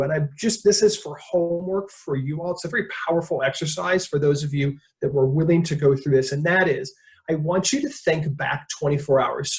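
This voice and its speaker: A man presenting a leadership webinar, telling stories in a conversational way and acting out quotes. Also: a little high. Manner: conversational storytelling, jokes and acts out quotes.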